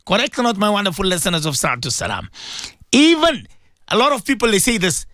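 A man's voice: high-pitched, sing-song, a little fast, bright, forceful tone, no room sound, clean studio sound. A man giving a radio sermon as a preacher and host, emphatic, repeating his phrases and asking rhetorical questions.

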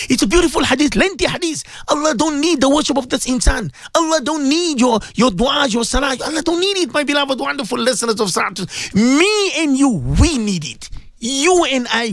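A man's voice: very high voice, no echo, studio quality. A man giving an impassioned radio sermon to his listeners. He pleads with them, stresses his points and repeats phrases. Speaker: radio religious presenter.

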